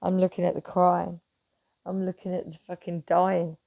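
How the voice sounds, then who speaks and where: Gravelly, animated woman. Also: fairly low pitch, moderate pace, dull audio. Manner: animated, swears freely, swings from loud to hushed. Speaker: vlogger. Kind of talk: casual chat to camera.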